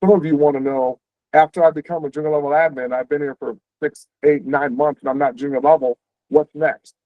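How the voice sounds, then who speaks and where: A man hosting an info session on a video call, explaining career paths quickly and conversationally, checking in with "right?". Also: on the high side, fairly even intonation, dry recording. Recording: tinny, phone-like dry audio.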